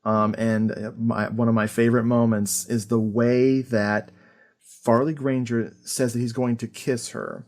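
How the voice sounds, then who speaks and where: A man hosting a podcast, chatting casually about an old film, animated and full of fillers and laughter. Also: mid-range voice, unhurried. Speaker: podcast host. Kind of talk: casual film review chat.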